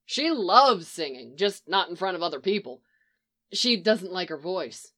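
A woman's voice: lowish voice, sing-song, moderate pace, a bit bright. A woman reading the lines of a cheerful, fond young husband who speaks in an easygoing way.

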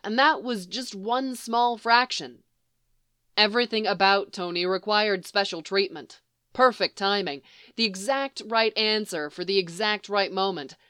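A woman reading fan fiction aloud in an even storytelling manner. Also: mid-range voice, a little slow, clean tone, dry recording, studio quality. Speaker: reader.

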